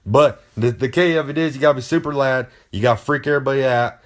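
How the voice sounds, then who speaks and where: Quick and medium-pitched, a wrestler rattles off a comedic, self-aggrandizing monologue of advice. He rambles like a country storyteller and keeps speaking of himself in the third person.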